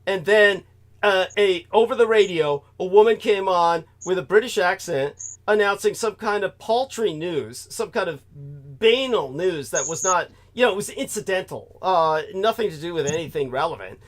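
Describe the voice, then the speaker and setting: Male talk host, slightly high voice, rambling, swears a lot, chuckles at himself. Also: lively intonation, moderate pace. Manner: profane, digressive, laughs at own remarks. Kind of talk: casual rambling monologue.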